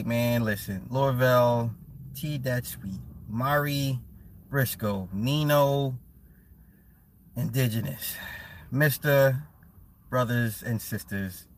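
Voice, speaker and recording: A medium-pitched man reads his chat aloud during a live stream, bantering casually. He's blunt and swears, laughs often and repeats words to drive points home.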